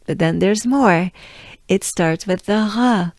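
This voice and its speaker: A woman from France with a French accent, coaching pronunciation by slowly repeating and exaggerating each sound. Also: mid-range voice, darkish tone, no room sound, studio quality. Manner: drills words slowly with exaggerated repetition. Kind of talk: slow pronunciation lesson.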